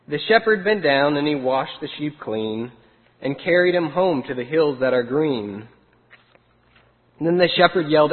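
A man reads a rhyming storybook aloud in a steady, sing-song rhythm. His fairly high voice comes through a thin, phone-like line with a long, hollow reverb. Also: normal speed.

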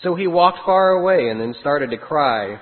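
A man reads a rhyming storybook aloud in a steady, sing-song rhythm. His fairly high voice comes through a thin, phone-like line with a long, hollow reverb. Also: moderate pace.

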